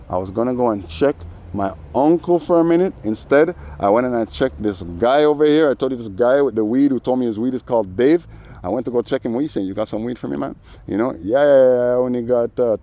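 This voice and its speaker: A man's voice: mid-range voice, lo-fi sound. A man telling a heated street story in a casual rant, acting out what other people said to him. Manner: animated, acts out other people's lines. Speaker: vlogger.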